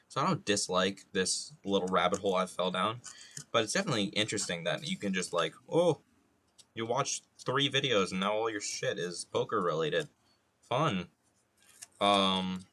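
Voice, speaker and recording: A man's voice: on the low side, sharp tone. A young man chatting casually and rambling with profanity and jokey asides while he sculpts on an art livestream. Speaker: art streamer.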